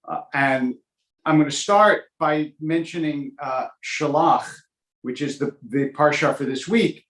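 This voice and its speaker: A man, a rabbi, giving an informal Torah class in a relaxed teaching manner, with many ums and uhs and dry joking asides. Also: fairly high pitch, unhurried. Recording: roomy echo.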